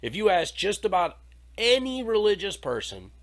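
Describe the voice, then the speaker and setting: A man's voice: high-pitched, very animated, moderate pace. Irreverent, jokey male podcast host. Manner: irreverent, jokey, swears freely. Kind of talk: casual discussion.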